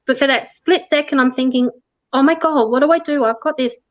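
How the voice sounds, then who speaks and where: Woman guest, high voice, lively storyteller who laughs and acts out the dialogue, close dry sound. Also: fairly quick, no echo, dull audio. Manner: animated, laughs often, acts out quoted dialogue. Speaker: interview guest recounting a ghost tour. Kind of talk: casual storytelling.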